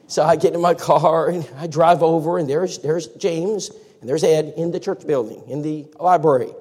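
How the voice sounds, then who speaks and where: A man preaches through homespun stories in a slightly high voice. His words hang in the long reverb of a large hall. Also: normal speed, a little mellow. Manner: folksy storytelling, acts out quotes. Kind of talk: storytelling sermon.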